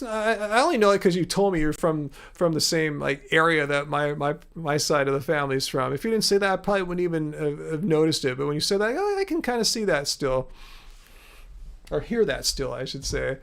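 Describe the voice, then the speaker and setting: Easygoing man with gravelly voice. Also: a little high, lively intonation, brisk. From Los Angeles, USA. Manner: easygoing, rambling, many fillers. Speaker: livestream host. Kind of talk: casual live Q&A.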